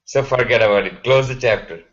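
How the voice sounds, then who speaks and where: A man's voice: mid-range voice, brisk, fairly bright tone. Hesitant man questioning his teacher, lo-fi. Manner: searching, hesitant, many restarts.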